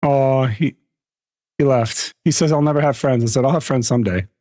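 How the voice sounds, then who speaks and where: A man's voice: mid-range voice, normal speed, warm tone, dry recording, studio quality. A man streaming a game live, mocking another player with crude, laughing commentary. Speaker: gaming streamer.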